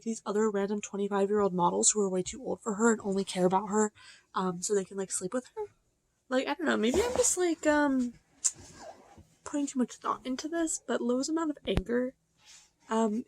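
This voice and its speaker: A young woman chatting casually about a book in a reading vlog, excitable and full of fillers, swinging between hushed asides and loud outbursts. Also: a little high, vocal fry, no room sound. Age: young adult. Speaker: book vlogger.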